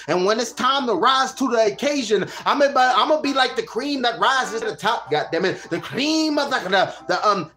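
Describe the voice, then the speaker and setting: A man calling a fight live, hollering and cursing, his voice leaping from low mutters to high yells. His pitch sits very high for a man, with a bright, forceful edge. Faint music plays behind him. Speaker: fight commentator. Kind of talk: excitable live fight commentary.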